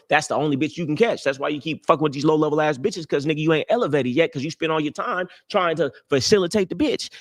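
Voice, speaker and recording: A young man hosting a live stream, giving casual dating advice in a brash, boastful, profane street-talk manner. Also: mid-range voice. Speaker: livestream host.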